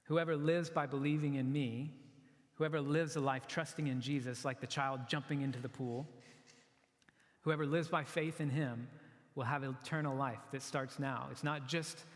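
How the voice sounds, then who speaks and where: A man's voice: medium pitch, fairly even intonation, normal speed. Pastor guy preaching, earnest, chatty, restarts a lot, mid voice, long echo like a big church. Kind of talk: sermon. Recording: long reverb of a large hall.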